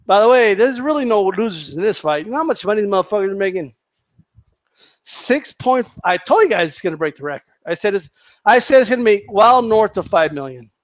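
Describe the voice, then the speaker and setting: A man's voice: sits high, sing-song, brisk, no echo, highs cut off. A man ranting casually to his viewers, heated and profane, mocking people and repeating himself for emphasis. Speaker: boxing commentator vlogger.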